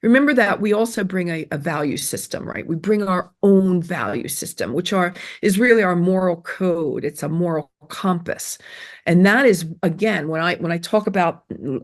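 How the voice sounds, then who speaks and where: A middle-aged woman giving earnest self-esteem advice in an interview, emphatic and repetitive, with fillers and restarts. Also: fairly low pitch. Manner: emphatic, repeats phrases, many fillers and restarts.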